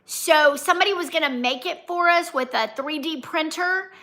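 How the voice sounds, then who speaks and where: A high-pitched woman with a bright, ringing tone chats casually on a livestream. She reads her viewers' comments aloud and answers them one by one, greeting people by name. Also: normal speed. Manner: chatty, talks straight to her viewers by name. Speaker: vlogger and livestream host.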